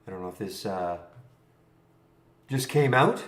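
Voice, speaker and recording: A man's voice: lowish voice, lively intonation, a little slow, fairly bright tone. A man hosting a live trading stream, thinking aloud in a rambling, chuckling, casual way. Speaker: trading room host. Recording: roomy echo.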